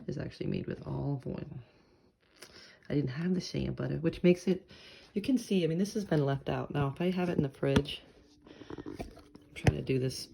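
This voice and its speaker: Gravelly playful home-kitchen vlogger, loud noise. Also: medium pitch. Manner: playful, wandering, quirky wordplay. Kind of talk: casual rambling chat to camera.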